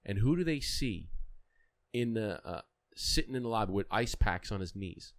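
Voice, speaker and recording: A man's voice: on the low side, lively intonation, moderate pace. A man, a wrestling coach and podcast guest, telling stories casually, repeating phrases and acting out the people he quotes. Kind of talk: casual storytelling. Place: podcast studio.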